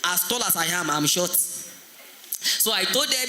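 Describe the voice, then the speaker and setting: A man from Nigeria doing animated stand-up storytelling as compere at a school event, drawing the audience into call-and-response. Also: high voice, a little fast. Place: school hall. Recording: echoey hall, faint noise.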